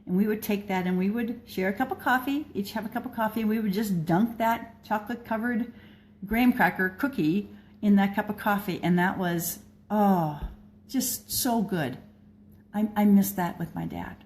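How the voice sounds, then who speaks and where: Older woman, warm and soft-toned, sincere, unpolished personal talk with restarts. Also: medium pitch, normal speed, slight background noise. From American Midwest. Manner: gentle, earnest, with frequent restarts. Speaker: blogger and speaker.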